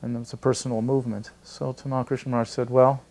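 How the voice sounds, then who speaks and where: An older man telling a personal anecdote in a lively, storytelling way. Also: mid-range voice, fast talker, vocal fry, a little hiss or hum. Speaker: devotee recalling memories. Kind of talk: storytelling interview.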